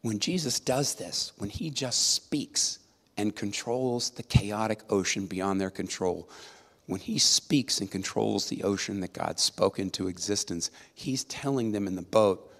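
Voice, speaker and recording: A preacher with a fairly low, gravelly, fairly bright voice speaks unhurriedly and with animation, his sermon ringing through a large hall's long reverb. He talks conversationally and emphatically, regularly checking in with tag questions.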